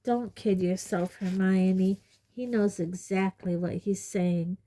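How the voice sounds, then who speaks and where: A woman's voice: mid-range voice, fairly even intonation, takes it slowly, mellow, natural voice. A woman voicing a cheeky, sarcastic teenage boy in a storybook reading, close to her own voice. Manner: wry, teasing asides. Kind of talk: audiobook reading.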